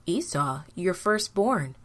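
A woman's voice: fairly low pitch, sing-song, slow, heavily acted. A woman voicing a nervous young man who lies to his father.

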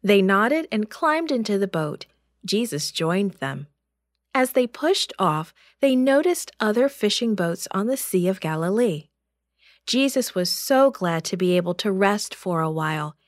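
A woman narrating a Bible story for children in a slow, clear and expressive way. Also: medium pitch, no room sound, clean studio sound.

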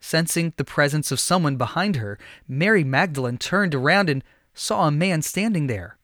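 A man narrating a Bible story in an expressive, scripted storytelling style. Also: a little high, moderate pace, no echo, clean studio sound.

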